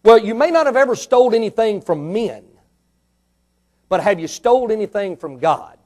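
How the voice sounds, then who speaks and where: High-voiced fervent male preacher. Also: animated, moderate pace. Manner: fervent, rhetorical questions, swings between soft and loud. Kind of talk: sermon.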